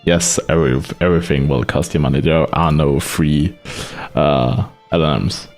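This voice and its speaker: A man streaming live, casually showing off software he built, chatty and rambling and often laughing. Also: rumbling low, steady tone, normal speed, soft background music.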